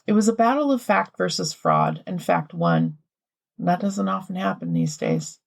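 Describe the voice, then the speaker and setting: A woman's voice: on the low side, huge pitch swings, normal speed, creaky. A woman co-hosting a podcast, reading a prepared history story with asides, then chatting casually. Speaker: podcast co-host.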